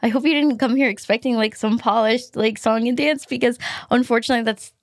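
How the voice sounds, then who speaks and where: A woman's voice: fairly high pitch, fairly even intonation, brisk, dry recording, studio quality. A woman guesting on a podcast, chatting casually, self-deprecating and laughing often.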